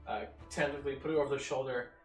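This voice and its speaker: A man's voice: mid-range voice, very fast, recorded from a distance. A man narrating as game master, hesitant with many fillers, recorded off-mic in an echoey room with music behind. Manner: hesitant, many ums and likes.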